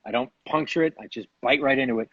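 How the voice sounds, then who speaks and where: A man casually telling a funny travel story, animated and laughing as he goes. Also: medium pitch, fast talker, husky, muffled recording. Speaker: co-host.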